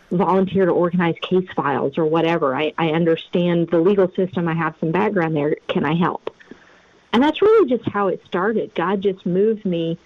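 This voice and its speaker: A woman's voice: fairly low pitch, dry recording. Woman guest, earnest storyteller, phone-line sound, dry. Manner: earnest, storytelling, faith-driven. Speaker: private investigator and podcast guest. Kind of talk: conversational interview over a remote line. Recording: tinny phone-line audio.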